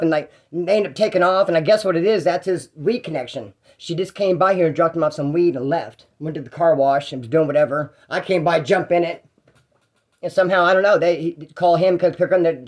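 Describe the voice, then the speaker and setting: A young man spins a casual story in quick, tumbling bursts. His voice sits a little high, and his slangy, rambling delivery keeps doubling back on itself.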